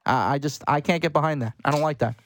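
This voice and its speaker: A man's voice: a little high, quick pace, fairly bright tone, dry recording. A man co-hosting a sports radio show, giving a mocking, opinionated take. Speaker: radio co-host.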